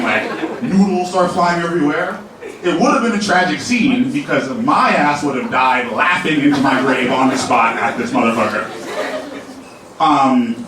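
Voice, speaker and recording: A young man with a fairly high voice performs a loose, profane stand-up set in a comedy club's main room, laughing at his own jokes. The mic is distant, so the echoey club room and background noise come through.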